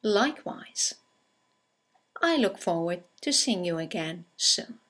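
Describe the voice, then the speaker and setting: A woman narrating a scripted English conversation lesson, reading example greetings aloud with slow, clear delivery. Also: on the low side, animated, fairly bright tone. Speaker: English teacher.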